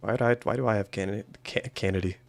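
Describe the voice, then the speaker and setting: A man's voice: lowish voice, fairly even intonation, brisk, creaky, a little mellow, no room sound, faint music behind. A man streaming a horror game, joking with chat and reading story text aloud. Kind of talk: gameplay commentary and story reading.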